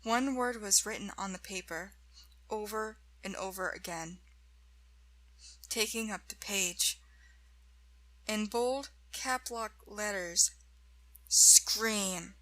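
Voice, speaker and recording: Female narrator for a first-person horror reading; slow, measured, bright tone. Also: mid-range voice, rough recording.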